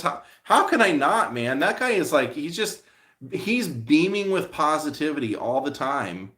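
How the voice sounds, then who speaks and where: A man's voice: fairly high pitch, very animated, a little slow, bright, forceful tone. A man hosting a casual live stream, rambling along with lots of fillers as he answers viewers' comments.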